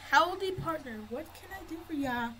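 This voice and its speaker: A woman's voice: high voice, lively intonation, moderate pace, a bit bright. A woman reading the lines of a folksy cowboy gun shop keeper in a game, in her own voice.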